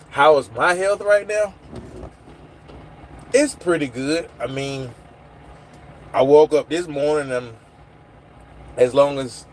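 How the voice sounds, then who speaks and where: A man's voice: medium pitch, darkish tone, a little hiss or hum. A man hosting a casual livestream from his phone, rambling and answering viewers' comments. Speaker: livestream host. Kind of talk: casual live chat with viewers.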